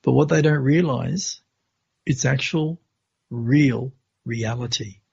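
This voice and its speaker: A man who is a podcast guest, recounting a personal spiritual experience in an earnest, unhurried way on a dull, lo-fi recording. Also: medium pitch, gravelly, a little mellow, slightly rough.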